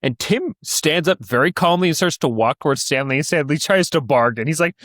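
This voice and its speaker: A man's voice: on the high side, fairly quick, hardly any pauses, no room sound, studio quality. A young man in his twenties, co-hosting a podcast in casual chat, who tells stories with energy and acts out the voices of the people in them. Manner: animated storyteller, acts out voices, laughs often. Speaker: podcast co-host.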